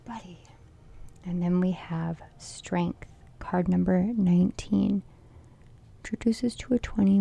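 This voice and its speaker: Playful woman reading cards, gravelly warm voice. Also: medium pitch. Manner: playful, giggly, often drops to a soft whisper. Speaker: tarot reader. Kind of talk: casual oracle card reading.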